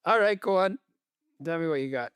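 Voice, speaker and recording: A man co-hosting a casual football podcast, relaxed and wryly teasing his co-host. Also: a little high, fairly quick, clear, resonant tone, dry recording, studio quality.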